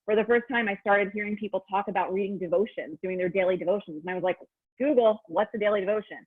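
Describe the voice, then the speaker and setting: A woman in her thirties, a business coach, telling her story in a chatty, excitable way with lots of fillers. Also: medium pitch, fast talker, breathy edge. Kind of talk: casual personal testimonial. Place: at home. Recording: tinny phone-like line.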